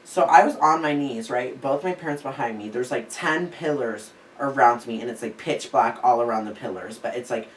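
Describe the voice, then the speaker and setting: A man's voice: mid-range voice, moderate pace, few pauses. A young man telling a story in a casual chat, rambling with lots of "like" fillers. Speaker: podcast co-host. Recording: echoey room, distant mic, faint hiss.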